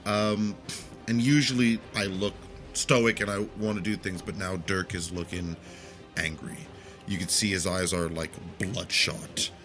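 A man's voice: low voice, fairly even intonation, measured pace, fairly bright tone, faint music behind. A man playing a tabletop game, casually describing his character's actions. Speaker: player.

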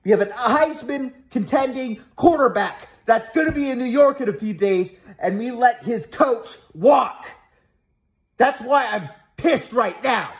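Extremely high-pitched and expressive, a male sports vlogger delivers an angry, profane rant to camera at a measured pace. He addresses viewers heatedly and keeps restarting what he's saying.

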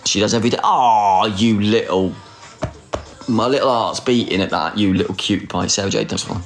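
A man in his forties hosts a casual livestream from his phone, teasing, flirting, being sarcastic and often poking fun at himself. His voice is on the low side at normal speed, with soft background music.

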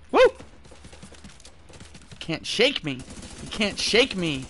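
Gameplay streamer, rowdy, swearing, unhurried delivery, bouncy pitch. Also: pushed and bright, slight background noise. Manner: rowdy, profane, trash-talking; bursts into singing lines between kills. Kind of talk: casual gameplay commentary.

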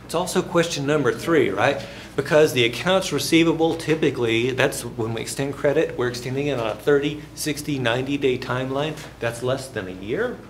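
A man's voice: medium pitch, brisk, hardly any pauses, a little hiss or hum. A male university instructor giving a classroom lecture. He asks the class questions and jokes between points. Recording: echoey classroom.

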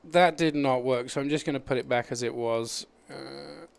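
Australian man, live stream host, casual, smooth resonant voice. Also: mid-range voice, dry recording. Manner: chatty, halting, laughs often while fixing tech.

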